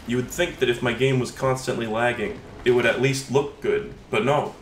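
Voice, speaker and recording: A man giving live gameplay commentary as a streamer, frustrated, sarcastic and profane, often yelling at the game. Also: medium pitch, normal speed, roomy sound, a little hiss or hum. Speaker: gaming streamer.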